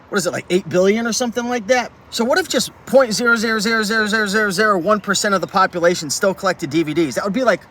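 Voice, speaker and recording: A man's voice: sits high, fairly bright tone. A man ranting passionately to camera about reselling, talking with many "like"s, recorded in a vehicle with faint traffic noise. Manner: fired-up, passionate rant with many "like"s. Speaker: reselling YouTuber. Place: inside a vehicle.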